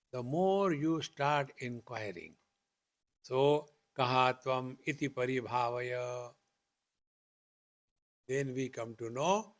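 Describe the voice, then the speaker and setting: Slow, deliberate older Indian man teaching. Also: mid-range voice, a bit bright. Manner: slow, deliberate, repetitive teaching with rhetorical questions. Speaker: spiritual teacher. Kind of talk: spiritual discourse.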